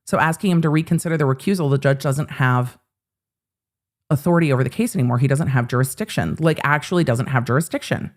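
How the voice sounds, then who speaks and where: A woman's voice: extremely low pitch, fast. A woman hosting casual legal commentary in a wry, sarcastic way.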